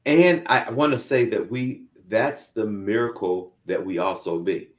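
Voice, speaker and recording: A man co-hosting a casual talk show, telling lively stories and acting out the voices in them. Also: on the low side, unhurried. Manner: lively storyteller who acts out voices in his anecdotes. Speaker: podcast co-host. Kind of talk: casual chat, animated storytelling.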